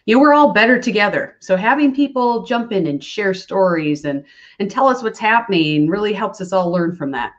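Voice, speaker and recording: A friendly, cheerful woman from Minnesota joins a live stream as a guest. Her voice is at an ordinary middle pitch, and it comes through a dull, lo-fi video call line. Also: lively intonation, brisk. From Minnesota, USA. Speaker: guest, food safety coach. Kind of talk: casual live-stream chat.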